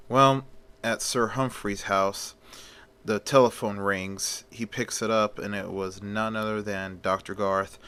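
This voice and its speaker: A man's voice: lowish voice, pushed and bright, clean tone. A man casually narrating a homemade story, retelling it loosely with fillers.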